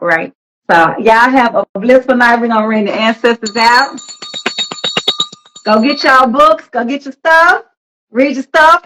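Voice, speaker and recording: A woman's voice: mid-range voice, a bit bright, low-quality recording. A woman, hosting a casual livestream and chatting loosely about spiritual matters and healing. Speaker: livestream host.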